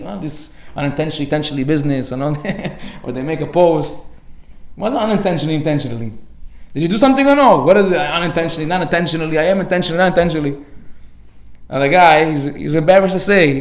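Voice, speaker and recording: Rapid, animated man preaching in echoey hall. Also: a little high. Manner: animated, jokey, acts out quotes with sudden loud bursts. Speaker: rabbi giving a Torah class. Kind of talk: energetic sermon to a live audience. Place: study hall with audience.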